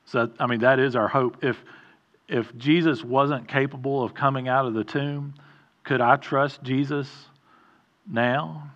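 A man's voice: medium pitch, fairly even intonation, measured pace, fairly bright tone, highs cut off. A middle-aged man preaching an informal sermon in a conversational way, often stopping, restarting and adding asides.

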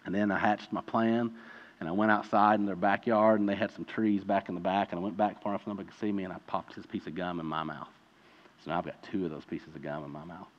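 A man preaching a sermon as a pastor, telling a personal story and building to impassioned preaching. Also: deep voice. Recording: reverberant hall, dull lo-fi sound.

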